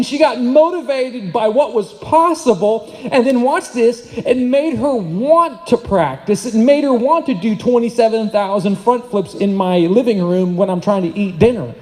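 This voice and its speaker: A man in his thirties preaching a sermon as pastor, energetic and joking, swinging between loud and soft. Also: very high voice. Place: church hall. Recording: long hall reverb.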